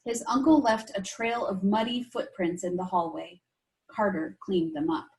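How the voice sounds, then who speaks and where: A woman teacher reading a chapter book aloud to her class, expressive and stopping to explain things to the children. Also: mid-range voice, normal speed, poor audio. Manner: expressive, asides to young listeners.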